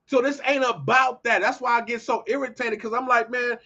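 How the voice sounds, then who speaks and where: Male commentary host, high-pitched, ranting casually, swings between shouting and muttering; muffled lo-fi recording. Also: fairly even intonation, a little fast. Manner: heated, ranting, swings from loud outbursts to low muttering. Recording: dull lo-fi audio.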